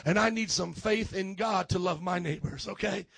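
A man preaching in a church, telling lively stories and acting out his neighbors, swinging from loud to quiet. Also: high-pitched, moderate pace, vocal fry, husky, no echo. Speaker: pastor. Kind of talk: sermon.

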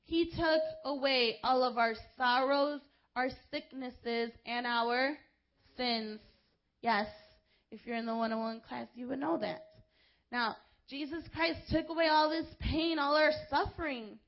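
A woman delivers a sermon in a high voice. She is impassioned and direct, talking straight to her congregation with informal asides. The recording is somewhat dull and lo-fi. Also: measured pace. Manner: impassioned, rising to shouts when quoting crowds. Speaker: preacher.

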